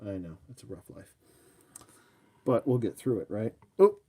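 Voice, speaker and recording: A man's voice: lowish voice, sing-song, moderate pace, dark tone, breathy edge. A man hosting a live action figure review, talking casually in a rambling, self-mocking way and chatting back to viewers.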